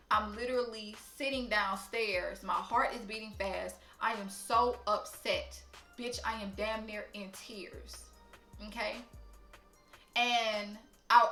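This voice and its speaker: A young woman telling a story to camera, blunt, profane and animated. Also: medium pitch, gravelly, reverberant. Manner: blunt, profane, animated, talks straight to viewers. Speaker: storytime vlogger.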